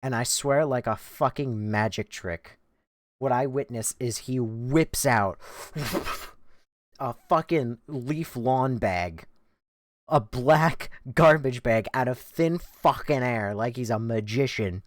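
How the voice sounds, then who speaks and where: Young man, game streamer, unhurried drawl, swears a lot, dry close sound. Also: medium pitch, dry recording. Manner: rambling, self-mocking, swears freely, laughs between lines. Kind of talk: casual live-stream storytelling.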